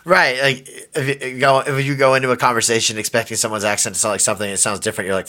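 A man hosting a podcast interview, enthusiastic and quick to react, swearing freely. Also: mid-range voice, steady tone, pushed and bright. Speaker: podcast host. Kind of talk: casual interview chat.

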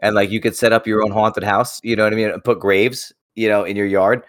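A man co-hosting a casual podcast chat, animated and swearing freely, often trailing off and restarting. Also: fairly low pitch, brisk, no room sound. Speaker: podcast co-host.

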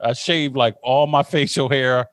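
A man's voice: mid-range voice, steady tone, measured pace, no room sound. Man, podcast host, casual profane storytelling, dead-dry recording. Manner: profane, laid-back storytelling. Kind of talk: casual chat.

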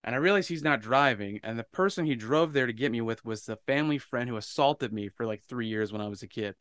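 A podcast co-host tells a personal story in casual conversation, swearing freely and acting out the people involved. He's an animated, profane storyteller with a mid-range, smooth voice, talking fast on an echo-free recording.

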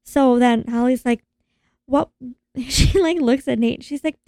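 A woman's voice: on the high side, normal speed, warm tone, clear, resonant tone, no echo, studio quality. A woman in casual chat, recapping a film and animatedly acting out the characters' lines in voices. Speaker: podcast co-host recapping a film.

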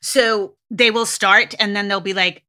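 A woman hosting a podcast, talking frankly and casually with swearing and lively acted-out quotes. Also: medium pitch, measured pace. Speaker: podcast host. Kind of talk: casual solo podcast talk.

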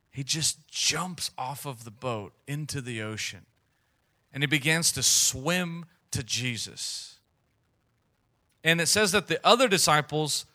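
A man preaching a sermon, retelling a scripture story in a relaxed, conversational way. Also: fairly high pitch.

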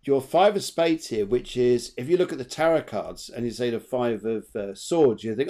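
A man's voice: medium pitch, expressive, moderate pace, mellow. A man co-hosting a live online show, giving a chatty, rambling tarot reading and repeating his phrases. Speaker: tarot reader and co-host.

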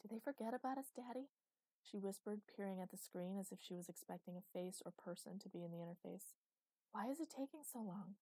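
A woman reading the lines of a curious little girl in a storybook, soft and whispering, higher than her narration, in a dry close recording. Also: a little fast, dry recording, close to an everyday voice, rough recording.

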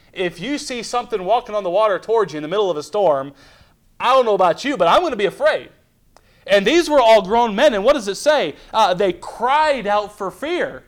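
A man pastor preaching a midweek Bible study sermon, reading scripture aloud, asking the congregation questions and acting out little scenes, with frequent restarts. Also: sits high. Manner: preaching with rhetorical questions and dramatized asides. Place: church.

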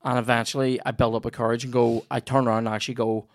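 Northern Irish male host, swears freely, spins lively yarns, dead-dry recording. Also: mid-range voice, very fast, no room sound. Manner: sweary, animated anecdote telling. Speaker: podcast host. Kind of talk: casual comedy podcast chat.

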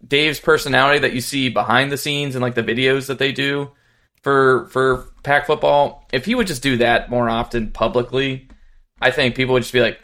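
On a casual sports podcast, a male co-host tells stories animatedly and mimics the people he quotes. His mid-range voice keeps a moderate pace.

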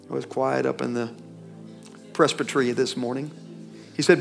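A man's voice: mid-range voice, steady tone, normal speed, vocal fry, soft background music. A man preaching a sermon in a church, emphatic, calling out to the congregation and breaking into folksy asides.

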